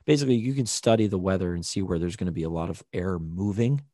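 A man's voice: deep voice, fast talker, mellow, no room sound, studio quality. A man co-hosting a casual podcast, explaining things at length with many fillers. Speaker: podcast co-host. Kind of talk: casual chat.

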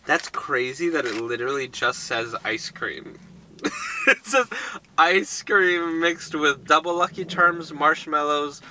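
A man's voice: a little high, slow, bright, forceful tone, a little hiss or hum, poor audio. A man co-hosting a podcast, chatting in an easygoing, enthusiastic way. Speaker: podcast co-host. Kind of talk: casual chat.

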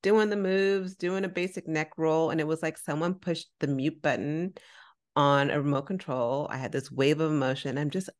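A woman co-hosting a podcast, telling a personal story in a casual, animated way, acting out quoted dialogue and using slang. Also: low-pitched, normal speed. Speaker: podcast co-host.

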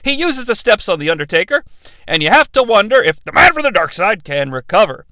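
A man's voice: high voice, very animated, fairly quick, sharp tone, no echo. A man hosting a podcast, giving a comedic play-by-play recap with sarcastic, profane asides. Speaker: podcast host recapping a wrestling event.

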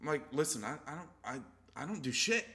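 A man's voice: a little high, very animated, quick pace, a bit bright. A young man in a casual chat, rambling and self-mocking, swearing freely.

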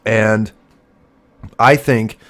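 Midwestern man, podcast co-host, low voice, laughs a lot, sarcastic banter. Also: fairly even intonation, very slow, a bit bright. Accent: Midwestern American. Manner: laughs often, jokey and sarcastic. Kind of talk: casual chat.

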